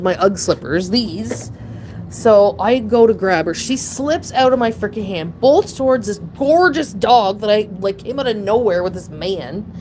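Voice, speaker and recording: A woman hosting a casual chat, rambling through a story with frequent laughter and sudden high, emotional bursts. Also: a little hiss or hum. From Ontario, Canada. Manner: rambling, animated, laughs often, breaks into emotional high pitch. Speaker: channel host.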